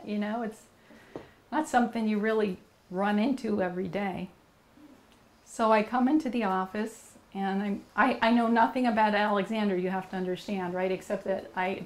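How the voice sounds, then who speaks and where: A woman's voice: medium pitch, fairly even intonation, normal speed, a little mellow. Earnest woman telling a personal story. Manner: earnest, rambling, with many fillers and restarts. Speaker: interview guest.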